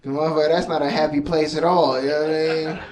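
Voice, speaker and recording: A man's voice: fairly high pitch, level tone, fast talker, recorded from a distance, a crowd in the background, rough recording. A man doing a stand-up comedy set, telling loose stories full of swearing and offhand asides. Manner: loose storytelling, profane, laid-back asides.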